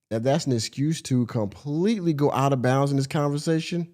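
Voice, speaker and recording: A man hosting a livestream podcast, reacting to clips in a blunt, exasperated way and swearing freely. His voice sits mid-range with a dark, mellow tone. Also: medium pitch, fairly quick. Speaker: podcast host.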